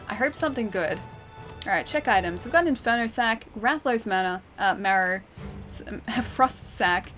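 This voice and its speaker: A woman's voice: mid-range voice, a bit bright. A young Australian woman chatting casually with her livestream chat while playing a game, laughing often and reading messages aloud. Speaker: streamer.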